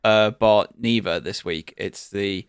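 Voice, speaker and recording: A low-pitched man talks through a game review in a relaxed, halting way, full of fillers. His voice is recorded close and dry, with no room sound around it. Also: clear, resonant tone, no echo. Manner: laid-back, hesitant with fillers. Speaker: podcast co-host. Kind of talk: casual review chat.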